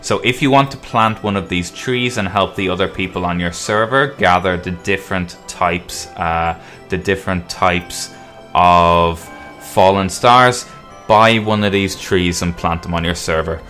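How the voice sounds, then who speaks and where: A man hosting a game guide video, explaining relaxed and casually as he plays. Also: sits low, unhurried, soft background music. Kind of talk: casual gameplay walkthrough commentary.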